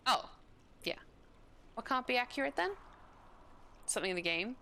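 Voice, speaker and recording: A woman's voice: fairly high pitch, animated, normal speed, gravelly, pauses often, sharp tone, a little hiss or hum. A young woman streaming a video game live, chatting to her viewers and reacting aloud as she plays. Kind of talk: live gameplay commentary. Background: game music.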